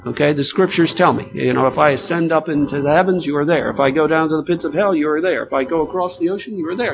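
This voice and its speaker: High-voiced preacher, earnest sermon. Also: male voice, quick pace, vocal fry, hardly any pauses. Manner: earnest, emphatic, conversational with many fillers. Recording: dull lo-fi sound with faint noise.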